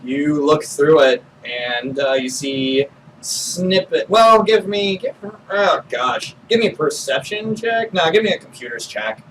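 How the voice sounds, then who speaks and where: Man GM, slow and laughing, slightly high voice, distant mic with faint hiss. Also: animated, fairly bright tone. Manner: laughs often, halting with fillers. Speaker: game master. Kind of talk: narrating a tabletop game.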